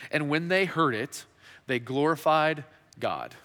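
Bright-voiced man preaching in a hall. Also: a little high, animated, takes it slowly. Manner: conversational, with frequent restarts and fillers. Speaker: pastor. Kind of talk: sermon. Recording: reverberant hall.

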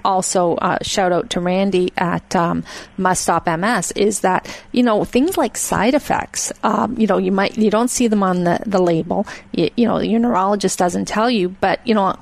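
A woman's voice: mid-range voice, gravelly. Chatty woman podcast host. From Scotland. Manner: chatty, full of fillers. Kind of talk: casual interview chat.

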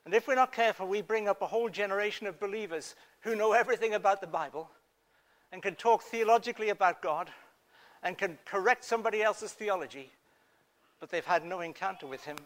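Earnest high-voiced preacher. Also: male voice, quick pace. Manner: earnest, swings from hushed to emphatic. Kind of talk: sermon.

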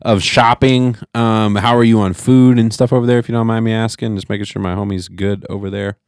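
Deep-voiced man hosting a casual podcast. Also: fairly even intonation, brisk, darkish tone, clean tone, dry recording, studio quality. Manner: rambling, swears, trips over words. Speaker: podcast host. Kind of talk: casual chat. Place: home podcast studio.

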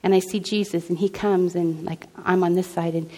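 A woman's voice: fairly low pitch, steady tone, normal speed, mellow. Earnest woman telling a faith testimony. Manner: earnest, conversational, many restarts and quoted dialogue. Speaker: speaker sharing a personal testimony. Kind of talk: faith testimony, casual storytelling.

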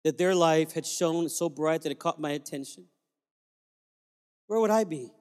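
A man's voice: fairly high pitch, moderate pace, a little mellow. A male pastor preaching a sermon in a church, telling stories and then fervently urging the congregation to praise. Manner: storytelling, fervent, exhorting. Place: church sanctuary. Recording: reverberant church hall.

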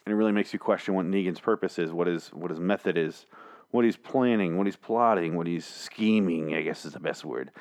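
A man recapping comic chapters in a casual, rambling, sarcastic monologue, swearing freely and slipping into mock voices. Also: fairly low pitch. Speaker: comic book reviewer.

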